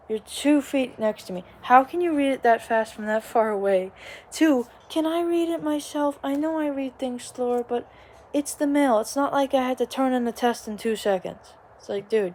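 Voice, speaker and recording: Recording in the living room of a small home, a young woman vlogs in a high, mellow voice at normal speed. She tells her story casually and in a rambling way, with many asides and voices she quotes.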